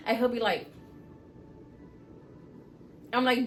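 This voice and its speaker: A woman co-hosting a podcast, telling stories in casual chat, animated and profane, acting out quotes loudly. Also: medium pitch, normal speed, slight background noise. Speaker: podcast co-host.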